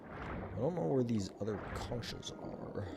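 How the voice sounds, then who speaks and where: A man's voice: mid-range voice, animated, measured pace, gravelly, background noise. A man streaming a game, giving casual running commentary and talking to his chat. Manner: chatty, self-mumbling, addresses chat.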